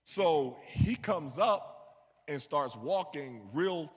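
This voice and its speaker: A man from New York, his voice fairly high with lively intonation, speaks extremely slowly as he shares a personal story in sermon form. He frequently checks in with "you know what I mean." Long hall reverb marks the church sanctuary setting.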